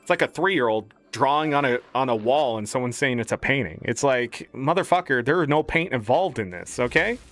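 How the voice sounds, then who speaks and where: A man's voice: mid-range voice, expressive, fairly quick, hardly any pauses, a bit bright. A man streaming a game, ranting in a profane, exasperated way.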